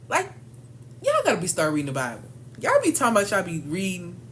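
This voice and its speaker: A woman's voice: on the low side, huge pitch swings, quick pace, a bit bright, a little hiss or hum. A woman coach giving a casual motivational training talk, emphatic and slangy, calling her listeners "y'all" and "baby". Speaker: leadership coach for women.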